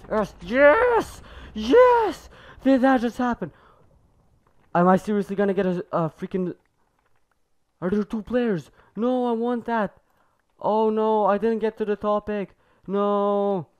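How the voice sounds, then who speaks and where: A teenage boy with a fairly high voice hosts his own gaming video. His commentary is casual and excitable, full of repeated phrases and the odd swear when things get tense. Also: smooth. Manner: excitable, swears, repeats himself under pressure. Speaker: gaming YouTuber.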